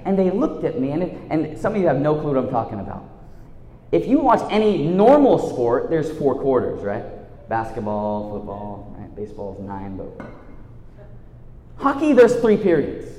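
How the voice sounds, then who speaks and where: Animated man preaching in an echoey hall. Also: mid-range voice, normal speed. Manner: animated storytelling, dropping to a hushed earnest tone. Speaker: youth speaker and teacher. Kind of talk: storytelling sermon. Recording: echoey hall with long reverb.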